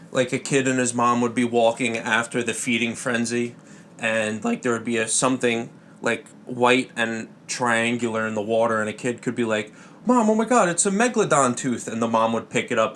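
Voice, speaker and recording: A man hosting a podcast, rambling through a comedy monologue in a halting way, with jokey asides. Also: medium pitch, level tone, a bit bright, a little hiss or hum. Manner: halting, full of fillers and restarts, jokey asides. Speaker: podcast host.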